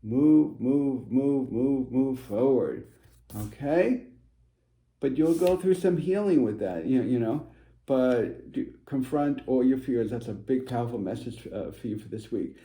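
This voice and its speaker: A man's voice: mid-range voice, animated, unhurried, dark tone, echoey room, low-quality recording. A man working as a spiritual advisor, talking casually through a card reading in a rambling, reassuring way, with many fillers and restarts. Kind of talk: casual tarot-style card reading to camera.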